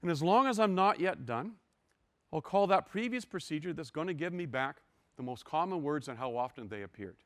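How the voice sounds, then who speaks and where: A man's voice: fairly high pitch, lively intonation, fairly quick, fairly bright tone, dry recording. Older male lecturer, dry close mic, wry and self-deprecating, explains code step by step. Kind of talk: university lecture.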